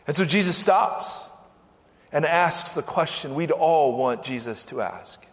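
A man preaching a sermon as pastor, animated, acting out the voices in the scripture he reads. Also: mid-range voice, moderate pace. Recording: long hall reverb.

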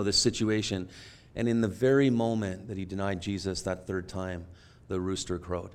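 A man preaching a sermon, retelling a story earnestly and moving between hushed, quiet passages and emphatic ones. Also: medium pitch. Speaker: pastor.

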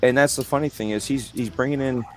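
A man's voice: medium pitch, fairly even intonation, quick pace. A man co-hosting a casual gaming podcast, talking loosely with repeated restarts. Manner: loose, rambling, with restarts and swearing. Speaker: podcast co-host. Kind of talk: casual chat about gaming.

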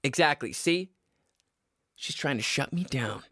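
A young man hosting a comedy podcast, yelling and rambling through an unscripted monologue into a microphone in a basement. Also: mid-range voice, lively intonation, measured pace, no echo, clean studio sound. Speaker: podcast host. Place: home basement. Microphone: studio microphone.

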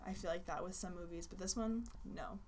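A woman's voice: on the low side, a little fast, darkish tone, slight background noise. A young woman in casual chat, rambling with many fillers and restarts as she shares her opinion of a movie. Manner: rambling, filler-heavy, self-interrupting.

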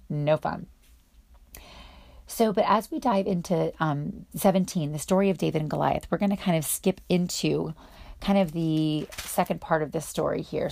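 A woman leads a casual devotional for other women, enthusiastic and full of chatty fillers. Her voice is mellow and a little low. The sound is dry and close. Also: gravelly, no echo. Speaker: women's Bible teacher.

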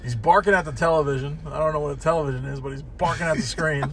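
A laid-back man with a fairly high voice jokes around in casual chat. He is recorded in a car with faint background noise. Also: quick pace. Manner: laid-back, joking, acts out the dog's thoughts. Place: inside a parked car.

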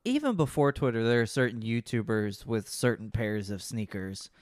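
Smooth-voiced, laid-back podcast co-host, a man. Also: medium pitch, expressive, normal speed, dry recording, studio quality. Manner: laid-back, rambling, swears freely. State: sleepy. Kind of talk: casual chat.

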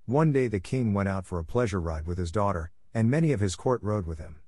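A man narrating a fairy tale in a steady, even storytelling manner, close to the mic. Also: on the low side, brisk, no room sound. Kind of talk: scripted audiobook narration.

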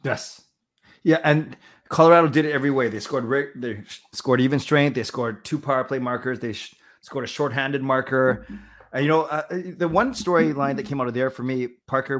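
A man's voice: medium pitch, a bit bright. A man co-hosting a casual sports podcast, bantering and teasing his partner in a playful way. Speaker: podcast co-host.

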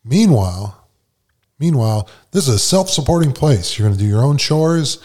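A man's voice: mid-range voice, normal speed. A middle-aged man from New York, a guest telling a personal story in casual, slangy talk, acting out the voices of the people in it. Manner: animated, slangy, acts out quoted voices.

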